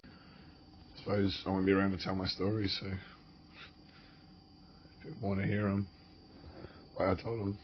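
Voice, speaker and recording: A man's voice: low-pitched, monotone, takes it slowly, long pauses, a little hiss or hum. An Australian man telling a personal story in a casual, rambling, profane way, full of fillers and restarts. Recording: dull lo-fi recording.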